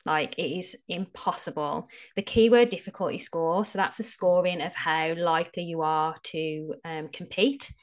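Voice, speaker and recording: An Australian-accented SEO strategist, appearing as a podcast guest, talks frankly and casually about her field, using lots of filler words. Her slightly low voice holds fairly even intonation at a normal speed with hardly any pauses.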